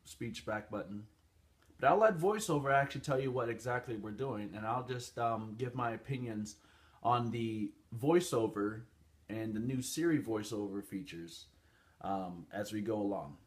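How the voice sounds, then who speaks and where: A man's voice: lowish voice, normal speed. Casual guy rambling thru a phone review, lots of ums. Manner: chatty, rambling with fillers. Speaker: channel host.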